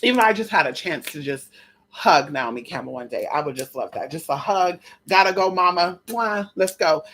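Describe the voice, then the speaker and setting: A woman's voice: sits low, animated, fairly quick, slightly rough. A woman vlogger telling a story in casual chat, gossipy, calling listeners girl and honey, swearing and repeating phrases for emphasis.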